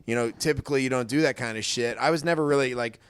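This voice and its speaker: A man's voice: mid-range voice, quick pace, clean tone, dry recording. A man co-hosting a podcast, rambling casually about a film with many fillers and curse words. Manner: rambling, filler-heavy, profane. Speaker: podcast co-host. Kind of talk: casual movie review chat.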